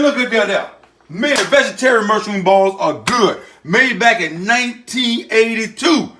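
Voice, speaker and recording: A man hosting a home cooking show, telling stories loudly and boastfully. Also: high-pitched. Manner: boisterous, loud, boastful storyteller. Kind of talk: storytelling and cooking demo.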